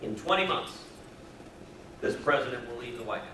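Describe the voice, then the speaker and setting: A man's voice: medium pitch, animated, moderate pace. A man giving an emphatic, folksy campaign speech at a public event. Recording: echoey room, mic far off, crowd noise.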